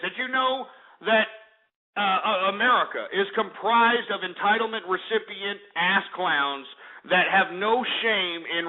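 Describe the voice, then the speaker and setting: Tierende radiopresentator met hoge stem. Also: male voice, high-pitched, phone-quality sound. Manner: ranting, profane, combative. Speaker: radio talk show host. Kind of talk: call-in talk radio rant.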